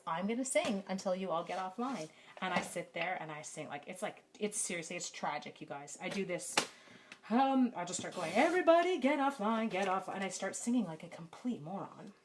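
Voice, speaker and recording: A woman's voice: on the low side, slight background noise. Chatty woman teaching stamping live. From Canada. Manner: chatty, self-deprecating, talks to viewers by name. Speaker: stamping craft demonstrator. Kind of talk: live-stream craft tutorial with chat. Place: home craft room. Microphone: camera mic.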